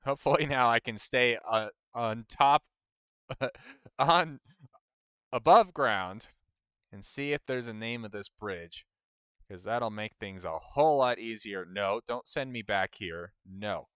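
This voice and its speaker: Speaking slowly in a clear, resonant mid-range voice that's a bit bright, an American streamer offers casual gameplay commentary. He gripes at the game, teases himself and laughs often, and the clean studio sound carries no echo.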